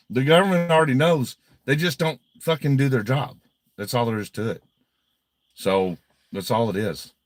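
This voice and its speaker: A man's voice: medium pitch, no echo. A man hosting a casual livestream, blunt and heavily profane, often agitated as he reads viewer donations.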